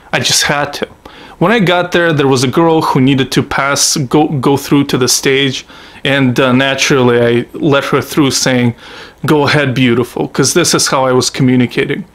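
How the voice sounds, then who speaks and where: A man's voice: medium pitch, normal speed, a bit bright. A man from Russia telling stories from his own life in a blunt, profane, rambling vlog monologue. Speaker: vlogger. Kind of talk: casual storytelling monologue.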